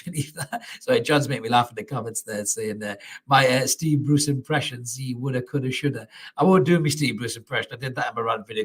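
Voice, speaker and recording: A man's voice: medium pitch, a bit bright, slightly rough. A man hosting a live football reaction stream, talking casually and swearing, reading out viewer comments. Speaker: fan channel host.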